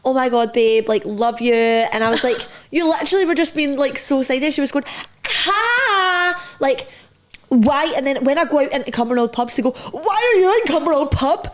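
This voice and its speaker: A young woman with a Scottish accent, co-hosting a podcast and telling lively stories full of acted-out quotes. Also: high-pitched, moderate pace, a little hiss or hum. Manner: lively storyteller, acts out quotes. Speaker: podcast co-host. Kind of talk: casual chat.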